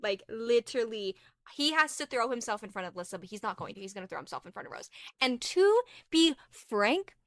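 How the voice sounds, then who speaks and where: A young woman co-hosting a casual book podcast, animated as she retells scenes and reads passages aloud. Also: fairly high pitch, fairly quick, no room sound. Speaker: podcast co-host.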